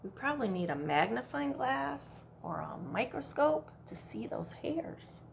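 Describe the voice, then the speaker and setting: A woman's voice: high voice, sing-song, a little slow, gravelly, slight background noise. A woman librarian with a Midwestern American accent reading a picture book aloud at a children's storytime, coaxing the kids to count and join in. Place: public library.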